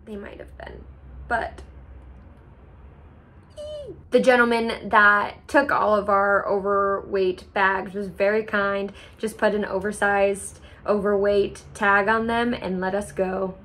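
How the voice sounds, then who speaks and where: A young woman tells a story about her travel day in a casual vlog. She talks in an animated, chatty way, laughs often and jumps up in pitch when she acts out her own reactions. Her voice sits at an ordinary middle pitch for a woman. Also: unhurried. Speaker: travel vlogger.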